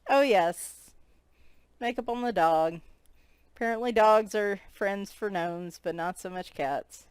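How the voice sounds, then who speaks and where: A woman's voice: mid-range voice, takes it slowly, smooth, dry recording. A woman chatting casually as she flips through a coloring book, amused and giggling as she comments on each picture.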